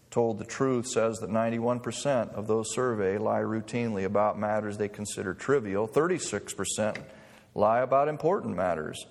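A man preaching a sermon in a conversational way, mixing humor with scripture. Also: on the low side. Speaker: pastor. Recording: long reverb of a hall.

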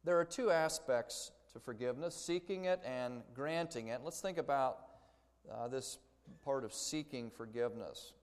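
A man's voice: mid-range voice, moderate pace. Man teaching in a reverberant hall. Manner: conversational, explains with story examples. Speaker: Bible teacher. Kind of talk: church lecture.

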